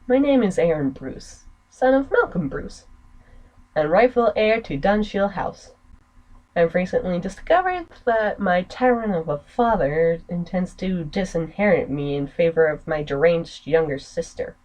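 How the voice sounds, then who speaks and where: A woman's voice: lowish voice, animated, unhurried, a little mellow, lo-fi sound. A woman reading the part of a bitter, scheming young nobleman in a game, in her own voice with an American accent.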